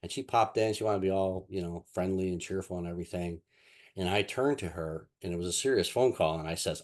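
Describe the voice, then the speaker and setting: A man's voice: low-pitched, fairly quick, darkish tone. A man teaching a casual lesson on mind techniques, telling anecdotes in a rambling way with lots of fillers and restarts. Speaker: NLP instructor.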